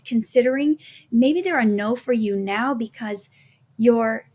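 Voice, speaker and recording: Woman guest, middle-aged, slightly high, breathy, earnest storyteller. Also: measured pace, darkish tone. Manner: earnest, faith-focused storytelling. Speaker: guest actress. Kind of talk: conversational interview.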